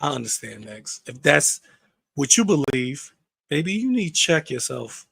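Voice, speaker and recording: Host, male, high voice, blunt heated rant, dry close sound. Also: sing-song, unhurried, gravelly, fairly bright tone, husky, no echo. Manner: heated, blunt, swears freely. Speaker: commentary channel host. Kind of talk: ranting commentary.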